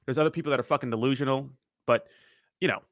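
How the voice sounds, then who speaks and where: A man's voice: mid-range voice, very fast, no echo, studio quality. A young man co-hosting a casual livestream, rambling through fillers and laughing often. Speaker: co-host of crypto livestream.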